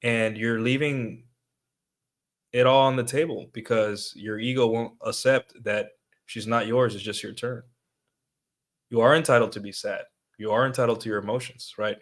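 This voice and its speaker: A man's voice: on the low side, fairly even intonation, normal speed, fairly bright tone. A young man giving casual livestream commentary, talking to his viewers with lots of fillers and tag questions. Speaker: streamer.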